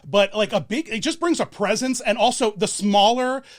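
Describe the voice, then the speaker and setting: A man's voice: high-pitched, normal speed. A man hosting a casual podcast chat, gushing like a fan and rambling through his questions. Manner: eager fan, rambling with many fillers and restarts. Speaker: podcast host.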